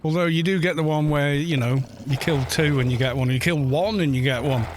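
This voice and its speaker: A man with a slightly high voice streams a game and chats casually at a brisk pace, with a little background noise. He rants in incredulous, mocking disbelief, rambling and restarting his sentences often.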